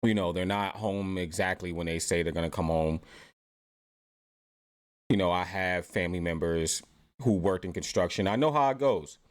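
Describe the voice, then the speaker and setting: A man's voice: deep voice, normal speed, pauses often. A man from Britain hosting a reaction channel, giving opinionated commentary in a chatty way and asking rhetorical questions. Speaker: host.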